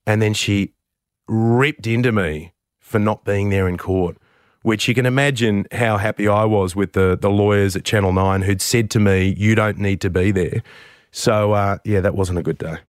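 Self-deprecating man, low voice. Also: normal speed, clean tone, no echo, clean studio sound. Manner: candid, self-deprecating, animated when telling anecdotes. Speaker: radio host, interview guest. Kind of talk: conversational storytelling.

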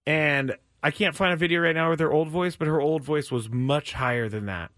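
A man hosts a casual sports talk show. He rambles and restarts often, and his voice leaps upward when he gets worked up. His voice sits a little high and sounds dry and close. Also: brisk, fairly bright tone, no room sound. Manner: rambling, chatty, with frequent restarts and sudden pitch jumps. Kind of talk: casual chat.

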